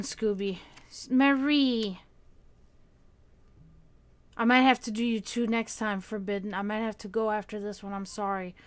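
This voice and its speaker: A woman doing tarot readings on a casual live stream, who now and then breaks off to softly comfort her cat. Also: mid-range voice. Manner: soothing baby talk to her cat, then plain card reading. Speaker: tarot reader and stream host.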